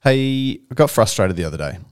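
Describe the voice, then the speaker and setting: A man's voice: lowish voice, fairly quick, smooth, dry recording, studio quality. A young Australian man telling a story in casual chat and acting out the voices of the people in it. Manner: animated storyteller who acts out other people's voices. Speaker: podcast co-host.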